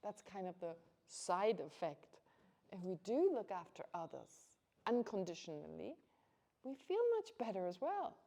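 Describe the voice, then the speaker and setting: A woman's voice: medium pitch, big pitch swings, a little slow, vocal fry, mellow. A woman giving an informal Buddhist teaching to a class, chatty and conversational, laughing often and restarting her sentences.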